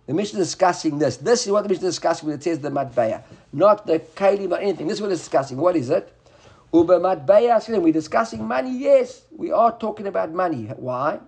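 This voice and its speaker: Gravelly, husky man teaching Talmud. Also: quick pace. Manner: animated, often rising high to act out buyer and seller. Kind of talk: Talmud class lecture.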